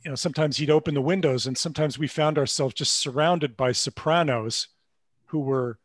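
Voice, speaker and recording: A man's voice: fairly high pitch, fairly quick, no room sound. Man, hesitant, lots of ums, video call, dry sound. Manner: hesitant, many ums, storytelling. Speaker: musician guest. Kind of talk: casual video call chat.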